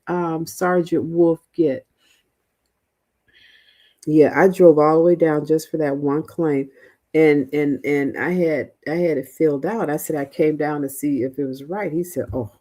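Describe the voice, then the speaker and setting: A woman's voice: low voice, mellow. A middle-aged woman hosting a casual livestream, chatting loosely with viewers and rambling with fillers and restarts. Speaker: livestream host, veteran housing mentor. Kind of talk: casual livestream chat reading viewer comments.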